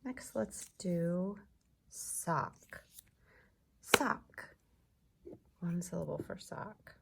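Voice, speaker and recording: A woman teacher talks young children through a recorded lesson in a slow, unhurried way, her fairly low voice edged with gravel. She repeats each word with patient encouragement, and a faint hiss sits under the recording.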